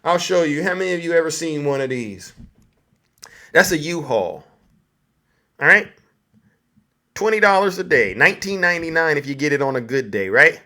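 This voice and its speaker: Brief: man, fairly high voice, mocking political stand-up rant. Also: animated, moderate pace, long pauses, sharp tone. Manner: mocking, acts out scenes in put-on voices. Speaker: comedian.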